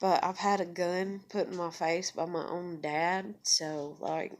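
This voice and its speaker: A woman's voice: fairly low pitch, fairly even intonation, measured pace. A woman vlogger talking through a casual personal monologue, rambling with lots of fillers and heavy swearing.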